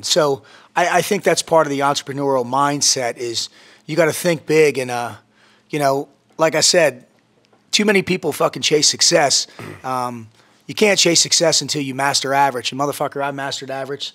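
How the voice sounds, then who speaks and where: A man as a podcast guest, talking in a brash, profane, boastful motivational style that gets louder when he is worked up. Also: a little high, a little fast. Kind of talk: casual podcast chat.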